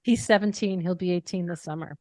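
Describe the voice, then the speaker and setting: A woman's voice: lowish voice, brisk. A middle-aged woman with a Boston accent, a podcast host chatting casually and telling stories expressively. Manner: expressive storyteller, lively and talkative. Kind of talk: casual chat.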